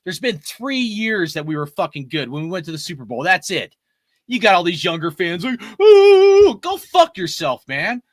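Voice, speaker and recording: A man in his forties delivers a heated, profane fan rant. His voice sits high and bright and swings widely as he gets worked up. The sound is dry and close. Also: animated, a little fast, dry recording. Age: 40s. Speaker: sports fan commentator. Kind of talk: ranting fan commentary.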